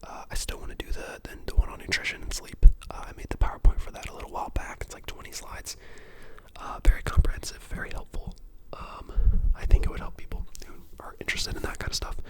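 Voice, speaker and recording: A person in their twenties whispering a casual ASMR ramble at home, chatty and full of fillers. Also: quick pace. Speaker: ASMR creator and dental student.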